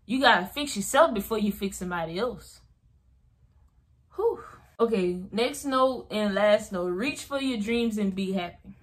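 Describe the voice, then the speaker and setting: A woman's voice: medium pitch, a little slow, breathy edge. A young woman vlogger giving motivational advice straight to her viewers, emphatic and repeating her points, calling them y'all. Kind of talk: motivational vlog talk to viewers.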